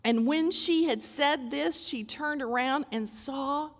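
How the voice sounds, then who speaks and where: High-voiced older woman preaching in a hall. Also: slow pace. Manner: dramatic, emphatic storytelling, swinging from loud exclaims to hushed tones. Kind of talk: sermon.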